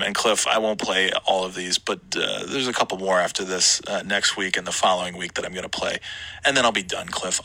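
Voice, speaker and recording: A podcast host tells a story in a laid-back, rambling way, his voice sitting low with a sharp tone. The recording is clean studio sound with no room sound.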